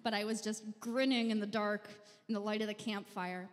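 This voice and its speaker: A young woman telling a funny personal story on stage in a wry, self-mocking, deadpan way. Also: medium pitch, normal speed. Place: live venue stage. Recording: long hall reverb.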